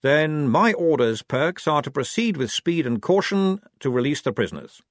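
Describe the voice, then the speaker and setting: A man's voice: on the high side, expressive, normal speed, dry recording, studio quality, voice pushed up, lightly acted. A man voicing a fretful young male officer who speaks in a prim, quavering way.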